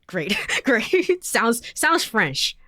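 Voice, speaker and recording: A woman's voice: a little high, sing-song, drawn-out words, bright, forceful tone, no echo, studio quality. Giggly woman streamer reacting to a game. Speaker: let's play streamer. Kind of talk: casual gaming commentary.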